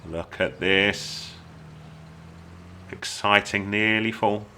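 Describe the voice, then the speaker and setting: An English gaming channel host walks viewers through a video game in tutorial commentary, chatty and jokey. His fairly low voice is steady, very slow, pushed and bright, with a little hiss or hum in the background.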